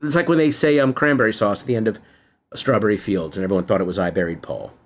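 A middle-aged man, co-hosting a podcast in casual chat, telling animated stories and teasing his partner. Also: fairly low pitch, fast talker. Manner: animated storyteller, teasing, jumps into quoted voices. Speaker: podcast co-host.

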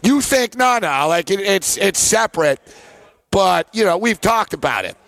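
A man's voice: sits high, big pitch swings, vocal fry, fairly bright tone, no room sound. A man co-hosting a sports betting show in casual chat, telling anecdotes and laughing often. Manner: laughing, quick-talking anecdote teller. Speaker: co-host.

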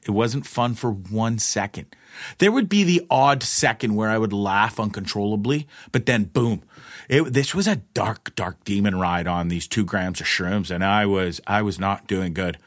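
A man's voice: fairly low pitch, no room sound, clean studio sound. A middle-aged man hosting a podcast, telling a personal story in a loose, profane monologue with frequent laughs. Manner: animated, profane, laughs often, voices others in quotes. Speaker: podcast host.

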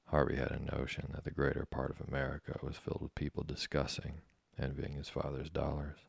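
A man reading a classic novel aloud in a steady, measured audiobook narration. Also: extremely low pitch, vocal fry, breathy edge, no echo.

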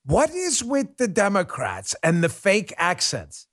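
A middle-aged man hosting a political talk show, delivering a casual, sarcastic commentary monologue with lots of quick asides. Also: high-pitched, noisy background. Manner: animated, sarcastic, rapid asides.

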